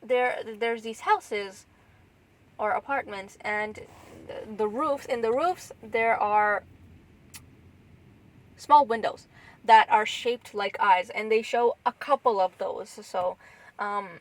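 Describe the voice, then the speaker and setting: A woman's voice: a little high, slow pace, rough recording. A woman co-hosting a podcast, chatting casually and rambling with lots of restarts and fillers. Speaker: podcast co-host. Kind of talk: casual chat.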